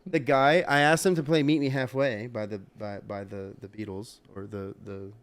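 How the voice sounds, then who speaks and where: A man's voice: mid-range voice, normal speed, slight background noise. Young man telling a rowdy story. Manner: animated storytelling, loud bursts. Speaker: podcast co-host. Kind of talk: casual podcast chat.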